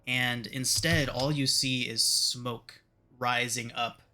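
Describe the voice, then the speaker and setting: A man narrating as game master of a tabletop role-playing game, describing scenes in a measured way. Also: mid-range voice, fairly even intonation, sharp tone.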